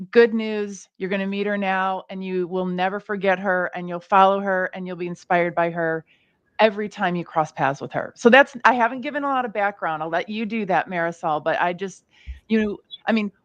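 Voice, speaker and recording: A woman's voice: mid-range voice, no echo. Gushing woman co-host, dry sound. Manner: gushing, enthusiastic introductions. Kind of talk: casual podcast chat.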